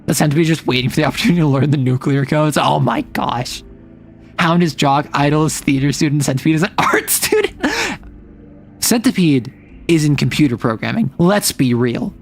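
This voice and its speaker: A man streaming casually, chatting in an excitable way with quick asides. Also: fairly high pitch, creaky. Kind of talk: casual livestream chat.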